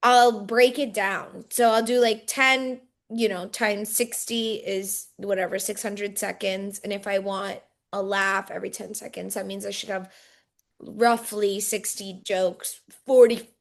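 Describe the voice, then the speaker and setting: A woman's voice: medium pitch, steady tone, unhurried, creaky. A young woman who does stand-up speaks as a podcast guest. She is chatty and laughs easily, and she fills her sentences with "like" as she talks through her craft. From India. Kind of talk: casual chat.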